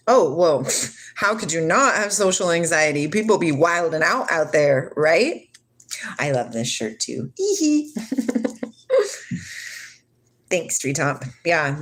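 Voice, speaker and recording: A woman in her forties hosting a livestream, chatting in a rambling, dreamy and playful way and answering viewers' comments. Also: low-pitched. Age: 40s. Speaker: livestream host. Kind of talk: casual chat with live chat.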